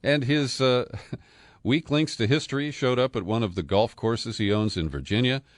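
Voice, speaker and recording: A man's voice: fairly low pitch, animated, moderate pace, dry recording, clean studio sound. A man hosting a political podcast, talking through the news in a sardonic, conversational way with frequent fillers and chuckles. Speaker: podcast host.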